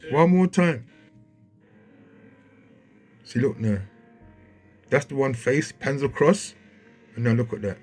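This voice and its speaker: A man commenting casually over a video he plays, growing excited and checking in with the listener as he points things out. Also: on the high side. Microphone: handheld mic.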